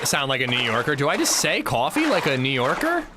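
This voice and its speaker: A man's voice: medium pitch, wildly swooping pitch, brisk, noisy background. A man streaming a game, chatting casually and jokingly answering his chat. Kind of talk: casual livestream chat while gaming.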